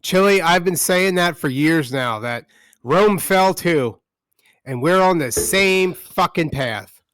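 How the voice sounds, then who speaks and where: A man's voice: on the high side, animated, slow pace, fairly bright tone, no echo. A man co-hosting a podcast in casual chat, blunt and sarcastic, with heavy swearing. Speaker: podcast co-host.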